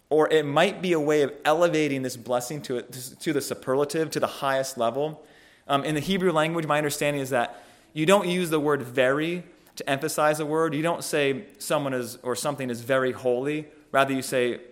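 A man giving a conversational sermon on a scripture passage, thoughtful and halting, often restarting phrases and checking in with "right?". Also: on the high side. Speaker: preacher.

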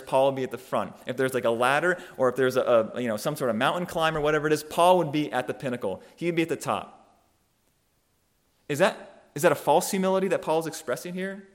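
Guy preaching a sermon, mid-pitched voice, thinks out loud, slows down to stress points. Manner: thoughtful, measured, with frequent restarts and emphatic slowing.

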